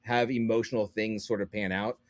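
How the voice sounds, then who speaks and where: Male podcast guest, rapid and rambling, dry mic. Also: on the low side, dry recording. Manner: rambling, animated, frequent fillers and restarts. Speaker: guest comic book writer. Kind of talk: casual podcast chat.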